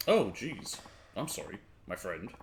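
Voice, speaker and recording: A man voicing a calm, patient grown man. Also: lowish voice, a little slow, vocal fry, a little hiss or hum, exaggerated voice. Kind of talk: reading game dialogue aloud.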